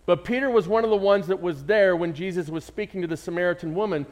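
A man with a drawl preaches a sermon from the pulpit. He keeps putting questions to the congregation and answering them himself. His voice sits somewhat high for a man. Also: fast, few pauses. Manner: call-and-response questions to the congregation. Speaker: pastor.

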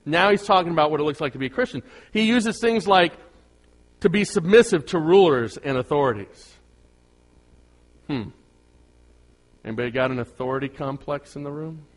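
A man's voice: fairly high pitch, normal speed, long pauses. A middle-aged man preaching a conversational sermon, joking with the congregation and rising to emphatic bursts. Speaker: pastor.

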